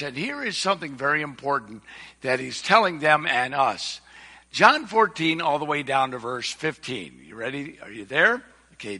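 Older preacher, bright voice in an echoey church. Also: male voice, fairly high pitch, creaky. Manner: folksy, earnest preaching with rising emphasis. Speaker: visiting preacher. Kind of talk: sermon. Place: church sanctuary. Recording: echoey hall with long reverb.

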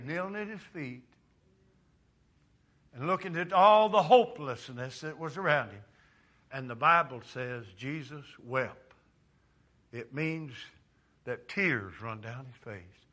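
Man, preacher, sermon, bright voice, dramatic loud and quiet swings. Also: mid-range voice.

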